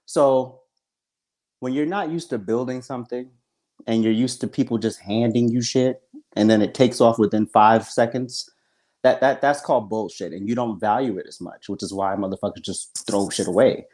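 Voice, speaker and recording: A man's voice: mid-range voice, a little mellow. A man co-hosting a podcast, talking bluntly and with plenty of swearing in a casual motivational rant. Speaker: podcast co-host.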